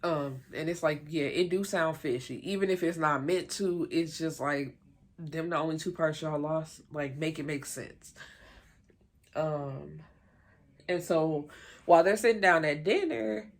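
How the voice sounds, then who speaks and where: Woman, lowish voice, chatty and opinionated TV recap. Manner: chatty, opinionated, many fillers; retells scenes in quick quoted voices. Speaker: TV recap reviewer. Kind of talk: casual recap commentary.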